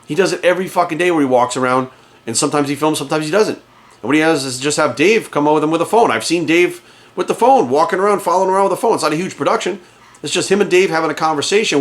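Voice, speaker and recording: A man working as a fitness coach, ranting to camera in his office with heated, profane emphasis. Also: on the high side. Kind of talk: casual rant to camera. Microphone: camera in front of him.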